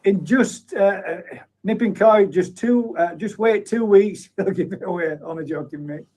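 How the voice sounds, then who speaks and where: A man's voice: high voice, moderate pace, a little mellow. A man hosting a live stream, chatting in a matey way and reading out viewer comments with frequent chuckles. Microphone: streaming setup at a computer.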